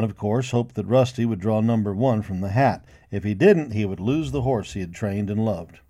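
A man reading a western storybook aloud, giving each character a voice of his own. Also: fairly low pitch. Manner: lively, voicing each character. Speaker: narrator.

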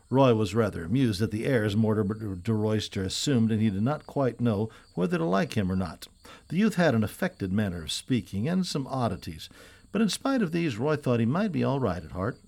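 A man narrating an old adventure novel as an audiobook, in a steady, even storytelling manner. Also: on the low side, a little fast, vocal fry. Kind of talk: scripted narration.

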